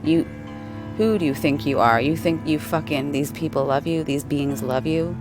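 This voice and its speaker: A woman voicing a slow snarling spiteful female alter. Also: low-pitched, music in the background, natural voice. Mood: hateful. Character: vicious hateful female alter of herself.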